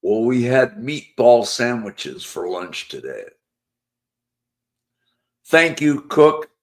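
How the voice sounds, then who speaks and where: A man's voice: medium pitch, sing-song, slow pace. A man hosting a live chat stream, rambling in a casual, joking way and humming bits of songs between comments. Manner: rambling, hums and sings snippets between chat; laid-back, joking. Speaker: live show host.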